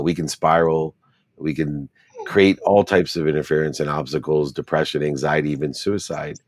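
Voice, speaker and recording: Deep-voiced man telling his story earnestly. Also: darkish tone, no room sound. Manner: earnest, repeats words for emphasis. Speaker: interview guest. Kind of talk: reflective storytelling in an interview.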